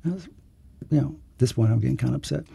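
Male writer guest, gravelly and dark-toned, earnest storyteller. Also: mid-range voice, fast, no room sound. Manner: earnest, storytelling, preacherly lifts. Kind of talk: reflective interview talk.

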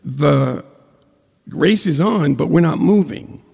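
An older man telling a comic personal story, animated and acting out the dialogue. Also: fairly high pitch, takes it slowly, creaky, slightly rough. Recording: long hall reverb.

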